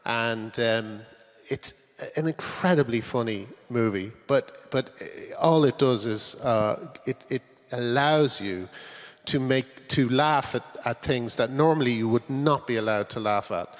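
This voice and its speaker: A man from Britain, a guest comedy writer, talking on stage in a halting way with many restarts. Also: mid-range voice. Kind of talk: onstage conversation. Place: conference stage. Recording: long conference-hall reverb.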